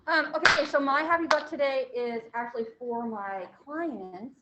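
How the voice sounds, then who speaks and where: A chatty, animated woman with a fairly high voice, talking up the housing market at a meeting. The room is echoey and the sound is a little dull. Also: moderate pace, very noisy. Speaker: real estate agent. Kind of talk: casual announcements.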